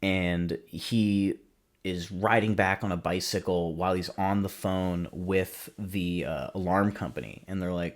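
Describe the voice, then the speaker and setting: A man's voice: low voice, normal speed. A man hosting a podcast, casually retelling a film's plot in a rambling way, with many fillers and restarts. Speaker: podcast host. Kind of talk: casual film recap.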